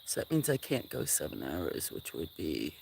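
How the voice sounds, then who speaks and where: A woman's voice: rumbling low, wildly swooping pitch, normal speed, creaky. Chatty woman livestreaming from a farm at night. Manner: chatty, scattered, talks softly to animals. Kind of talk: casual livestream chat with viewers and animals. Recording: outdoor noise with chirping crickets. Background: crickets and insects.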